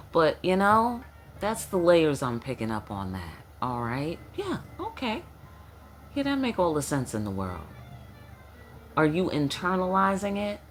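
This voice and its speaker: A woman's voice: extremely low pitch, slight background noise. A woman giving a casual, profane tarot reading, chatting back and forth as if answering spirits. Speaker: tarot reader.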